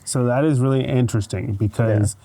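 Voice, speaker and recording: A man hosting a podcast interview, engaged and quick with short affirmations. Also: medium pitch, steady tone, vocal fry, warm tone, rough recording. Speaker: podcast host. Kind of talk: casual interview chat. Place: horse competition grounds.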